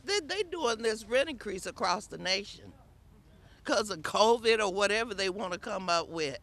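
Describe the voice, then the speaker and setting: A woman tenant giving emotional testimony at an outdoor rally, exasperated and sometimes shouting. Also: medium pitch, lively intonation, moderate pace.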